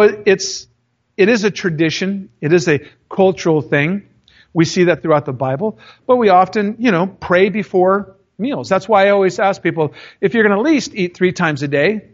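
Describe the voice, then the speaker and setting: A middle-aged man preaching a sermon as pastor, an animated storyteller who jokes with the congregation. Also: sits high, lo-fi sound.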